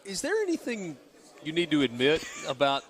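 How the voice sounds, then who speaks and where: A male radio co-host with a high, very lively voice teases the guest with quick questions. He sounds casual and quick in the studio banter.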